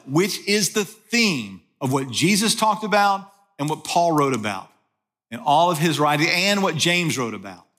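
A man's voice: fairly high pitch, a bit bright. A man preaching a sermon in a conversational way, asking the listeners rhetorical questions. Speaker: pastor.

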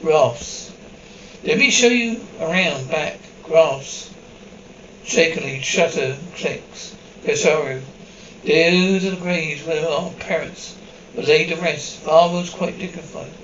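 A man's voice: on the high side, takes it slowly, a bit bright, roomy sound, distant mic, highs cut off, a little hiss or hum. A man reading an episode script aloud, voicing the dialogue and the sound cues in the same evenly paced voice. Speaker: script reader.

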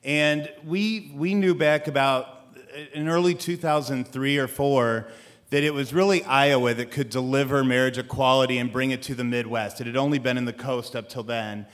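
A man telling a personal story on a theater stage in a relaxed, conversational way, with some restarts. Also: mid-range voice, moderate pace. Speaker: storyteller, legal activist. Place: theater stage before a live audience. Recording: live theater with audience murmur.

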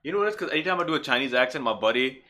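A man as a podcast guest in casual chat, laid-back and profane, quick to agree. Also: medium pitch, expressive, bright, forceful tone, a little hiss or hum.

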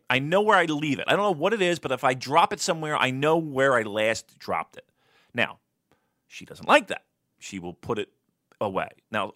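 Animated, swearing man with a bright voice. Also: dry recording, studio quality. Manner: animated, swears a lot, mimics his wife in a high voice. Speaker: podcast co-host. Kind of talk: casual chat, profane storytelling.

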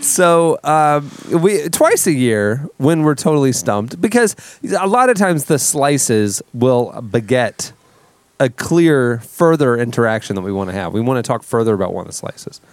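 A man's voice: mid-range voice, big pitch swings, measured pace, no room sound. A man hosting a casual podcast, running segments and plugs in an easygoing way on a studio mic. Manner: easygoing, with plugs and audience call-outs. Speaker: podcast host.

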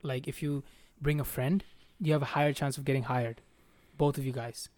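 Telling a story on his podcast, this young man talks briskly in a medium-pitched voice, full of profanity and slang, and keeps addressing his friend as "bro." He's animated, and there's no echo on the recording.

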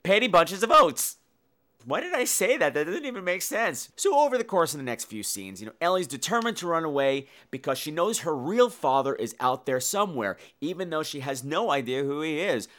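A man hosting a podcast, retelling a horror film in a campy, animated way. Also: on the high side, fairly quick, few pauses. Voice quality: campy, animated storytelling with acted-out voices. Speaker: podcast host. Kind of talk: casual film review podcast.

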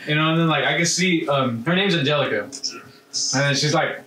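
A man in casual chat with friends, telling an animated, swear-filled story and acting out what people said. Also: fairly high pitch, measured pace, noisy background. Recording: echoey room, far from mic.

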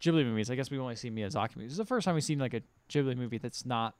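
A man's voice: mid-range voice, racing, a little mellow, clean tone, no room sound, studio quality. A man with an American accent co-hosting a podcast, casually retelling a film and acting out the characters' lines. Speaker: podcast co-host. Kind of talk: casual chat, recapping a film.

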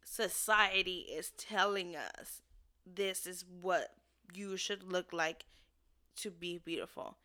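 A woman's voice: lowish voice, steady tone, slow, pushed and bright. A young woman talking in a casual chat, earnest and emotional, often laughing.

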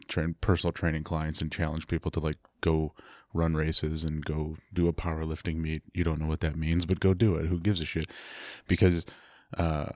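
A podcast host who trains clients speaks in a very deep, low voice. He muses in an easygoing, reflective way and swears casually. His voice comes across dry and close. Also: darkish tone, no room sound. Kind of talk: casual chat. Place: martial arts academy.

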